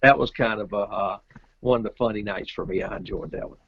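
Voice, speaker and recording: A middle-aged man from Georgia, telling a rambling, animated story as a guest in a casual interview. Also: lowish voice, brisk, highs cut off, slight background noise. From Georgia, USA. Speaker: guest, pro pool player.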